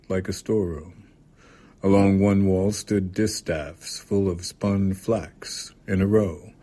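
A man reading a literary short story aloud in a calm, measured way. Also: low-pitched. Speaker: reader.

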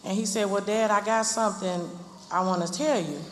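A woman slowly and earnestly telling a personal story as a mother. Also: medium pitch, steady tone. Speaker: mother remembering her son. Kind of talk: emotional personal testimony. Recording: echoey room with loud noise.

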